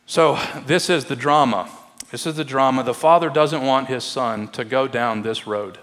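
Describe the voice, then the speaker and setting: A man's voice: mid-range voice, moderate pace. Earnest preaching man in a reverberant hall. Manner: earnest, pleading, drops to a hush for emphasis. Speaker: pastor. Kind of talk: sermon.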